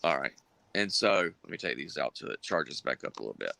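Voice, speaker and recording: A man's voice: a bass voice, very animated, a little fast, vocal fry, noisy background. A man, telling a long story casually on a live stream with plenty of fillers and restarts. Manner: drawling, rambling with many fillers and restarts.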